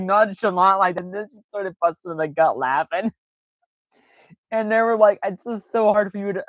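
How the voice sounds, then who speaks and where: A man's voice: fairly high pitch, no echo. A man chatting casually on his livestream, rambling with lots of fillers and restarts, sometimes jumping into playful exaggerated voices. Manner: animated, jumps into playful exaggerated quoted voices. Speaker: livestream host.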